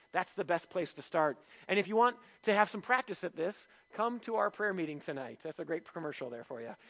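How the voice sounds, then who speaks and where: A man with a notably high voice preaches to his church. He talks in a relaxed, conversational way, throws out rhetorical questions, and jokes about himself. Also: rough recording. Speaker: pastor. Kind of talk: sermon.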